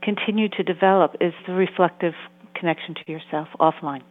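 Over tinny, phone-like audio, a woman who works as a therapist and author answers interview questions earnestly, now and then performing the voices of people she quotes. She speaks fairly quickly in a steady, lowish voice.

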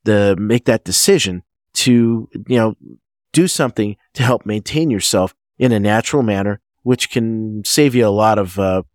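A man who is a guest physician, answering interview questions in a halting way, often restarting his sentences. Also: on the low side, dry recording, studio quality. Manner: halting, frequent restarts and fillers. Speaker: guest physician, medical director.

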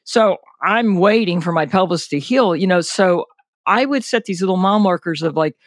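An older man, a senior athlete, recounts an injury as a guest in a conversational interview, candid and detailed, with lots of "you know" and "like." His high voice is animated and at normal speed, recorded dry with clean studio sound.

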